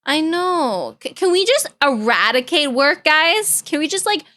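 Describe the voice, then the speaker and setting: High bright-voiced young woman streamer. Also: very animated, unhurried. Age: young adult. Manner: chatty, caring, playful. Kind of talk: casual reaction-stream chat.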